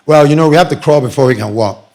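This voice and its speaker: A man giving a lively, joking presentation to an audience at a community meeting. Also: a little high, quick pace. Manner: animated, joking, addresses crowd directly.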